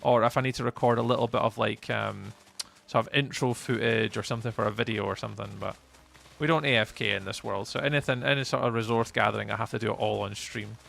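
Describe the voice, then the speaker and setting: Gravelly Scottish streamer chatting. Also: male voice, on the low side, fairly even intonation, quick pace, fairly bright tone, a little hiss or hum. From Scotland. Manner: chatty, rambling, greets chat by name. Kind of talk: live gameplay commentary.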